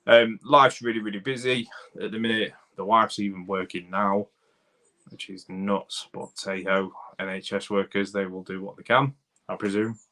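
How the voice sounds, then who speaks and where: Chatty Doncaster bloke, bright-toned. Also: male voice, on the low side, steady tone, normal speed. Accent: Doncaster, South Yorkshire. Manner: rambling, chatty, addresses viewers as buddy and mate. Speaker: livestream host, car mechanic. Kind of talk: casual livestream chat reading comments.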